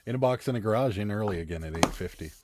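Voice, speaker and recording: A man's voice: fairly low pitch, lively intonation, racing, very noisy. A man with a Pittsburgh accent, co-hosting a live stream in casual chat and greeting viewers by name. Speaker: co-host of a live selling stream.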